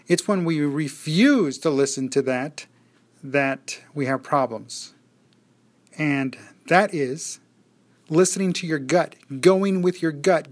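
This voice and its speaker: A man giving a casual daily motivational monologue, reflective, often repeating phrases and shifting his pace. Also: high-pitched.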